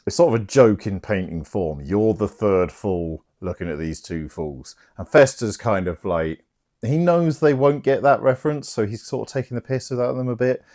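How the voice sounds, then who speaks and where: A man's voice: lowish voice, normal speed. A young man casually and irreverently retelling a play's plot with plenty of swearing, while drinking. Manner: irreverent, swears freely, animated. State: drinking, slightly tipsy. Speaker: host.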